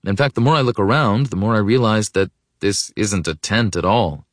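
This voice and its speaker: A man with a very low, deep voice reads a first-person novel in a reflective, intimate tone, often sinking to a hush. The recording is dry and close, with no room sound. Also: normal speed, dry recording. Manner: reflective, intimate, softening to hushed. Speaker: audiobook narrator. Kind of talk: first-person audiobook narration.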